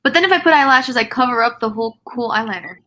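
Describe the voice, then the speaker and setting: A woman's voice: a little high, expressive, quick pace, sharp tone, slight background noise, low-quality recording. A woman chatting casually as a guest on a live makeup stream over a video call, giggling often and trailing off mid-sentence. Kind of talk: casual chat.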